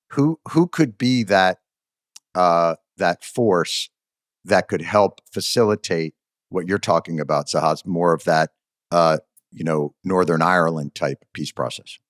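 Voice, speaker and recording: Deep-voiced joking male host. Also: unhurried, dry recording, clean studio sound. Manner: animated, jokey questioning. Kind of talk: casual interview chat.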